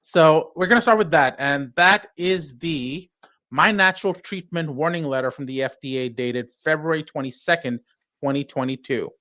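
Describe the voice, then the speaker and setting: A man hosts a casual podcast chat in a somewhat high voice, rambling with lots of fillers and dry self-mockery. His voice sounds dull and lo-fi, in a dead, dry room. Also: moderate pace, sharp tone, dry recording. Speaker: podcast host.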